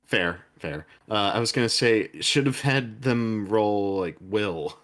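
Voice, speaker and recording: A man playing in a tabletop game, reacting with relaxed short remarks. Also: fairly low pitch, slow pace. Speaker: player.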